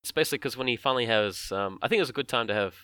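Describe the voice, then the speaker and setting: A man casually talking through a film scene by scene, often acting out characters' lines in quick voices. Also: medium pitch, animated, sharp tone, clean tone, no room sound, clean studio sound.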